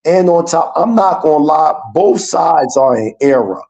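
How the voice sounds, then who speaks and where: Mellow-voiced man guest rambling earnestly. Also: a little high, lively intonation, a little slow. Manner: earnest, rambling, searching for words. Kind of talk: casual chat on a livestream.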